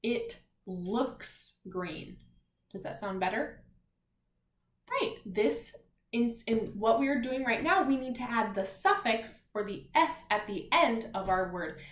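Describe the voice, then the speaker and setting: A woman teacher leads young children through a spelling lesson at a very slow, careful pace. Her voice sits fairly high, and she is patient and encouraging as she sounds out each letter. The recording is echoey, as in a bare room. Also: animated.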